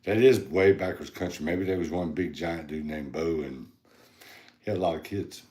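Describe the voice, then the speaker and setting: Southern man from florida, podcast co-host, laid-back, dry humor, very deep voice, echoey room. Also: normal speed, warm tone. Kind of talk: casual chat.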